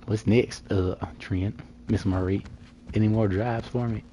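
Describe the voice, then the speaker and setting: A man streaming his roleplay, chatting in a flirty, joking way and slipping into a put-on street accent. His voice sits low and mellow, and he drawls slowly. A faint hiss runs under the recording. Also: fairly even intonation. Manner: flirty, joking banter with frequent laughs. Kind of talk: casual live-stream roleplay chat.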